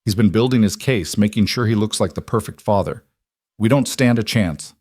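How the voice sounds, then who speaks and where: A man voicing a struggling rancher who speaks in a flat, defeated way. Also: on the low side, moderate pace, no echo, close to an everyday voice.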